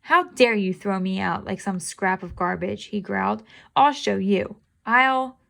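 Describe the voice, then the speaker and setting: A bold male tomcat from a storybook, indignant and eager for adventure, calls out in a raised, lively voice as a woman teacher reads him. The voice has a gravelly edge. It sits high for a tomcat. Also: measured pace, exaggerated voice.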